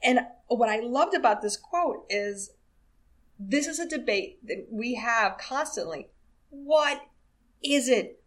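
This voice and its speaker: A woman's voice: fairly high pitch, expressive, takes it slowly, a bit bright. Thoughtful American woman podcast host. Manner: thoughtful, reads quotes aloud. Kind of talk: casual chat.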